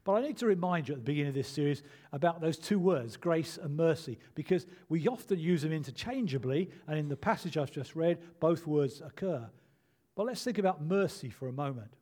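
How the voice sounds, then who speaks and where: An older pastor preaches a sermon in a measured, earnest way, pausing to let points land. His voice is warm and mellow, pitched a little above the usual for a man. He speaks steadily, with gentle emphasis.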